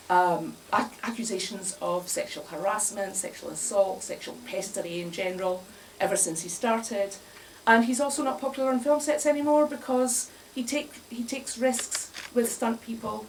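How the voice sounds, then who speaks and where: A woman's voice: mid-range voice, measured pace. Woman, comic live talk, wry, chatty, laughs a lot, distant mic, faint noise. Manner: wry, chatty, laughs often at her own jokes. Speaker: speaker at a live bar talk. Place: bar, indoors, in front of an audience.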